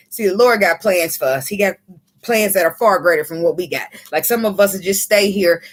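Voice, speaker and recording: A woman giving a casual tarot reading, excitable and quick to laugh, swearing freely as she talks. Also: on the low side. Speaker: tarot reader.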